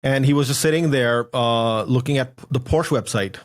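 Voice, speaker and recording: A man hosting a podcast, talking at an everyday middle pitch. He chats casually and reacts with eager enthusiasm. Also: moderate pace. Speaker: podcast host. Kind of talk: casual chat.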